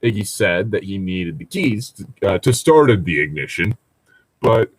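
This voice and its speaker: A sarcastic man with a husky voice banters on a comedy podcast, swearing freely. His pitch swings widely as he talks. He sounds close to the mic in a dry space. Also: normal speed, no room sound, poor audio. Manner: sarcastic, lively, swears a lot. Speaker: podcast co-host. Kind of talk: casual comedic banter and reading.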